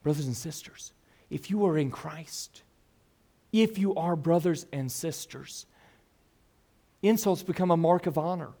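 A man preaching an expository sermon as pastor, earnest, moving between loud emphasis and hushed asides. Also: on the high side, measured pace, long pauses.

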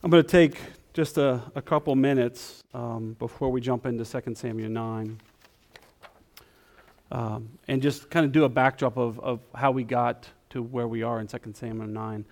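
A man preaching a sermon in a church, talking in a conversational, self-deprecating way and softening into quiet prayer. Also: mid-range voice, fairly even intonation, moderate pace. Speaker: guest preacher. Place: church sanctuary.

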